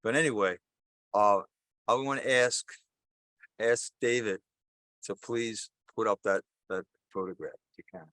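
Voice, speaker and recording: An older priest speaks to his congregation in a loose, chatty manner, wandering and correcting himself as he goes. His voice sits at an ordinary pitch. The sound is close and dry. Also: unhurried, long pauses, fairly bright tone, no echo. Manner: conversational, rambling, self-correcting. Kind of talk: sermon with jokes and storytelling.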